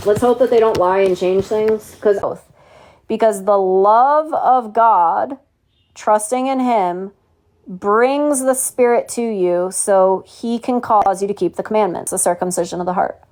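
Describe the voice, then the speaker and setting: A woman's voice: medium pitch, darkish tone. A woman teaching a Bible study in a preachy, mocking tone, asking rhetorical questions and reading scripture aloud. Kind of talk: home Bible study sermon.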